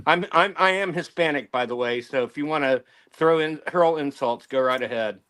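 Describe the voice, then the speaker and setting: A man's voice: fairly high pitch, normal speed, a bit bright, clean tone. A man chatting casually on a comics show, jokey and often laughing, stumbling over his words. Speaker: panelist. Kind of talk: casual chat.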